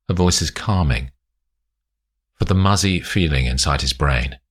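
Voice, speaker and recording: A man narrating a spy story aloud in a slow, expressive way. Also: extremely low pitch, slightly rough. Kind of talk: audiobook narration.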